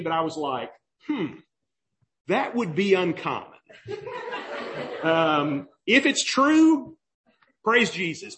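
A young adult pastor preaching a sermon in a conversational way, often checking in with "right?" and "okay?". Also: male voice, fairly high pitch, bright, forceful tone.

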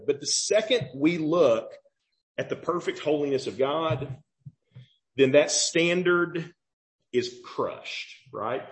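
A man preaching a sermon in a conversational way, often checking in with "okay?" and "right?", and slowing down and dropping low when he quotes scripture. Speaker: pastor.

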